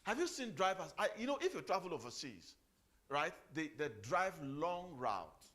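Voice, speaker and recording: A middle-aged motivational speaker delivers a sermon, firing rhetorical questions, repeating phrases and issuing commands to the audience. His voice is on the high side, sing-song and sharp, at a moderate pace.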